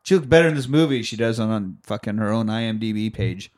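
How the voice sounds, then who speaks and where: A man co-hosting a casual film podcast, retelling scenes in an animated, jokey way and swearing often. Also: lowish voice, fast. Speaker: podcast co-host. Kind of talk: casual film recap chat.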